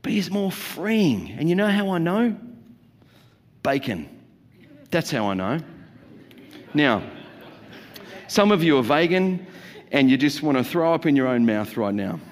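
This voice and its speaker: A man's voice: fairly high pitch, sing-song, unhurried, pauses often, in a large hall. A man preaching a sermon in a church, jokey and conversational, with playful asides to the congregation. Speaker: pastor. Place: church auditorium.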